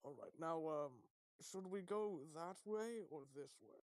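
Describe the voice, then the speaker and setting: A man playing a tabletop game who stammers and thinks out loud as he plans his moves. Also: high voice, measured pace, no room sound.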